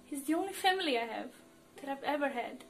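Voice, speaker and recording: A desperate young man, voiced by a woman reading a story, cries out in a high, strained voice. He is loud and frantic, pleading with everyone around him. Gentle music plays behind. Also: lively intonation, quick pace, creaky.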